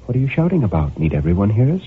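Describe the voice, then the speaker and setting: Guy doing a cool mysterious young woman, evasive, husky, lifts his voice way up, tinny phone-ish sound. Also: fairly low pitch, sing-song, rapid-fire, full character voice. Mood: insistent. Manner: cool, insistent, softly pitying.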